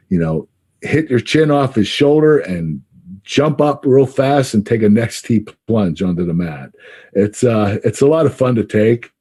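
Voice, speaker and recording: A middle-aged man in a casual podcast interview, talking haltingly with many fillers and frequent laughs. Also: lowish voice, mellow, slightly rough. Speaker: guest recalling his wrestling career.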